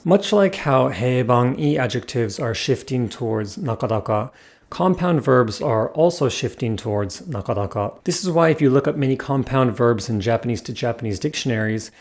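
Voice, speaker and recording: Man explaining language rules clearly. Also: mid-range voice, darkish tone. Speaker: language teacher. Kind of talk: scripted educational narration.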